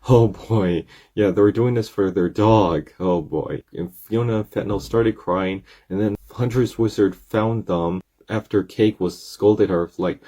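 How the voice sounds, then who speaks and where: Man, casual rambling recap delivery, mellow and slightly husky tone. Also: low voice, moderate pace, hardly any pauses. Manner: rambling, excitable retelling with many restarts. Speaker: video recap creator.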